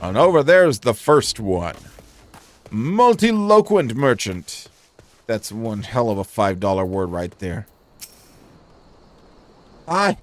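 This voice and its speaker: A man's voice: mid-range voice, big pitch swings, slow, pauses often. A man hosting a gaming channel, giving casual let's play commentary with wry, joking asides.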